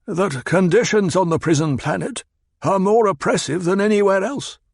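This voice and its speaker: A man's voice: sits high, normal speed, gravelly, no room sound, clean studio sound, pitched above the performer's own voice. A man voicing a shrewd, bitter old spymaster who speaks in a clipped, coldly insistent way. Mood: cutting.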